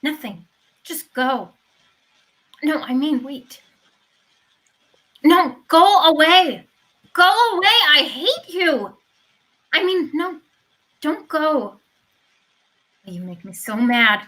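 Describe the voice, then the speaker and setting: A woman reading as a fiery, bright-voiced widow. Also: sits high, animated, slow pace, long pauses, heavily acted. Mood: torn. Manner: flip-flopping between rage and pleading. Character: proud fiery young widow, furious yet smitten. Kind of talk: live virtual play reading. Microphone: video call.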